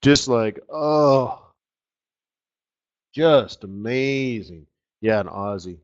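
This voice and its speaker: A man hosting a live trading webinar, talking over his charts with excited outbursts and trailing murmurs. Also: mid-range voice, very slow, lo-fi sound. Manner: excitable, exclamatory, trails off while fiddling with charts. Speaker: forex market strategist hosting a live webinar.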